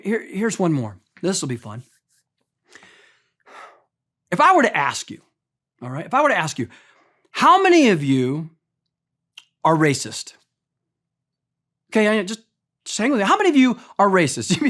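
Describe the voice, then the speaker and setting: A male pastor delivering a sermon in a chatty yet emphatic way. His pitch swings widely, and he keeps turning to the congregation with direct questions. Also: very animated, normal speed, fairly bright tone.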